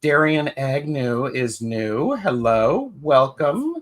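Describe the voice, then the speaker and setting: A man's voice: mid-range voice, lively intonation. A man in the middle of his register who takes his time. He co-hosts a live tarot stream and greets chatters one by one, with plenty of ums and restarts. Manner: unhurried, greets chatters by name with fillers and restarts. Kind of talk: casual live-stream chat.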